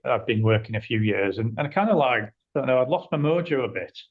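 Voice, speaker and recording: A man chatting as an interview guest, animated as he tells his stories. His voice sits at an ordinary middle pitch, and the recording sounds slightly dull and muffled. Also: fast talker. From northern England. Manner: animated, acts out quoted dialogue. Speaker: interview guest, agency owner. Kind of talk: conversational storytelling.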